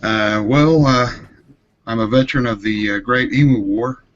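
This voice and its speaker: Man doing a haunted emu veteran, deadpan, mock-solemn, noisy call line. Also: medium pitch, moderate pace, dull audio, lightly acted. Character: grizzled male emu war veteran, haunted.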